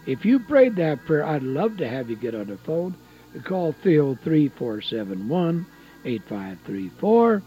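An older man preaching a fervent broadcast sermon, rising to loud exhortation and dropping to hushed pleading. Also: fairly high pitch, sing-song, a little slow. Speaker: evangelist preacher. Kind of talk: broadcast sermon with altar call. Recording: dull lo-fi broadcast audio, faint music.

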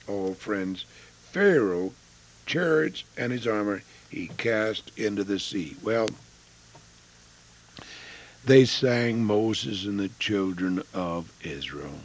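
Older male preacher, gravelly, slow folksy sermon with sudden loud peaks and hushed drops. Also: fairly low pitch, expressive.

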